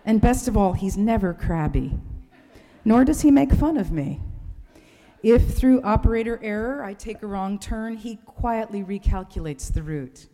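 A woman's voice: mid-range voice, lively intonation, unhurried, dark tone, in a large hall. A woman delivering a sermon, telling a wry, humorous story in a church. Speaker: preacher.

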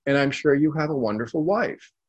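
A man voicing a tiny, cheerful old man in his seventies who speaks gently and with delight. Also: medium pitch, level tone, slow, dull audio.

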